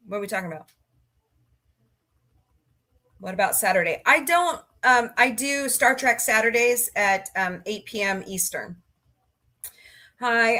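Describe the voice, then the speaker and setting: A woman's voice: mid-range voice, bright, forceful tone. A woman hosting a casual livestream, chatting in a goofy, easygoing way as she greets viewers in the chat. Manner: chatty, goofy, laughs easily. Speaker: livestream host. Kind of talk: casual chat reading live comments. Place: home, cats nearby.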